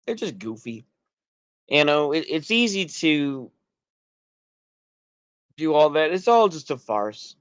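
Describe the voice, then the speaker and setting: A man's voice: fairly high pitch, big pitch swings, slow, pauses often, clear, resonant tone, no room sound. A man with a Texan accent rambling through a livestream as he reacts to chat, sounding somewhat drunk, with loose restarts and trailing sentences. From United States. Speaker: streamer.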